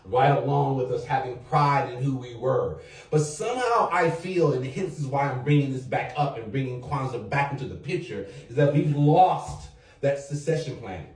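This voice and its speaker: A man's voice: medium pitch, normal speed. A man hosting a podcast round-table, talking loosely and jokingly, swearing now and then and leading the group in call-and-response. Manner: animated, jokey, swears freely, leads chants. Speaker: podcast host. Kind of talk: casual round-table talk. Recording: roomy echo, distant mic.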